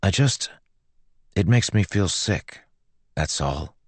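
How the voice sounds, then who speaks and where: A man's voice: sits low, lively intonation, husky, no room sound, pitched above the performer's own voice, exaggerated voice. A man doing a nervous, hesitant teenage boy. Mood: anxious. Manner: hesitant, halting. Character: nervous teenage boy student, anxious and unsure.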